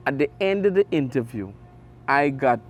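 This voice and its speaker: A middle-aged man with an Antiguan accent, a radio sports host telling stories in an interview, animated with big jumps in his voice. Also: mid-range voice, moderate pace, soft background music. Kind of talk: conversational interview storytelling.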